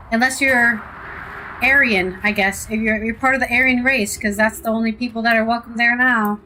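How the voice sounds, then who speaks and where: A woman's voice: medium pitch, sharp tone, poor audio. An American woman streaming a game, chatting casually and rambling with sarcastic asides. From United States. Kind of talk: casual live-stream chat while playing.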